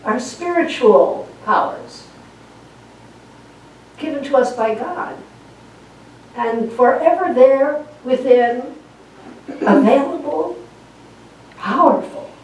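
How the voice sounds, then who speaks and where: A woman minister preaching and leading spoken affirmations in a church. She talks slowly and deliberately and repeats key phrases for emphasis. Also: sits high, lively intonation, a little hiss or hum. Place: church sanctuary. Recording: echoey room, voice from far off the mic.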